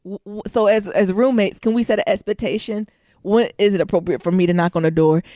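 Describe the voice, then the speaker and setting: A young adult woman co-hosting a podcast, telling profane stories in a casual, animated way and acting out quotes. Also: mid-range voice, fairly quick, no room sound, clean studio sound. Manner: laughs often while talking. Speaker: podcast co-host. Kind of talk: casual storytelling chat.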